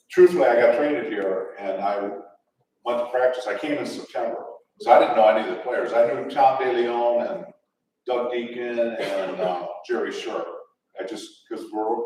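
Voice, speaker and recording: A little slow and darkish in tone, the medium-pitched voice belongs to an older Detroit-area man telling chuckle-filled, rambling football stories to luncheon guests, with many restarts. A far mic in an echoey hall records him, with slight background noise.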